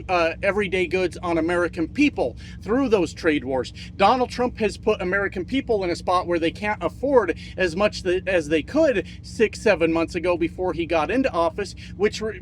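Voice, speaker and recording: A man's voice: high-pitched, a little hiss or hum. A man giving a profane, heated political rant as a trucking video creator, repeating himself for emphasis. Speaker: trucking YouTuber.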